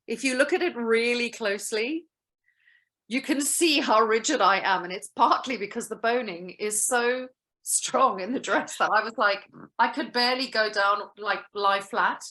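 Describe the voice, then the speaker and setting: Talking at a moderate pace in a fairly high voice, a woman appears as a guest actress on a casual interview over video call. She tells playful stories full of laughter, coming across as lively and fun.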